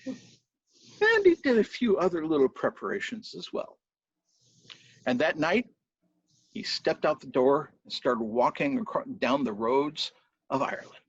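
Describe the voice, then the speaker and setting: A man telling a folk tale in a lively storytelling style, voicing sound effects along the way. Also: fairly high pitch, measured pace, long pauses, slightly rough, no room sound. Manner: animated, with spoken sound effects. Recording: dull dry lo-fi recording.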